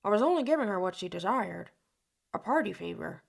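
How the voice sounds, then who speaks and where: A woman's voice: medium pitch, expressive, brisk, gravelly. A woman voicing a petulant young fae man with cat ears in an audiobook. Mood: indignant. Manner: indignant, petulant.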